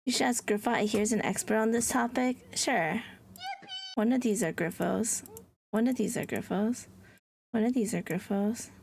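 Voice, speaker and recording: A woman's voice: on the high side, normal speed, a little hiss or hum. A woman streamer chatting live with her viewers, giggly and playful, teasing them with dramatic mock outrage.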